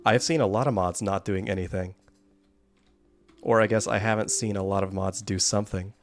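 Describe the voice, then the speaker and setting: A man's voice: fairly low pitch, fairly even intonation, moderate pace, faint music behind. A man giving casual, wry gameplay commentary, rambling and often laughing. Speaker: gaming YouTuber.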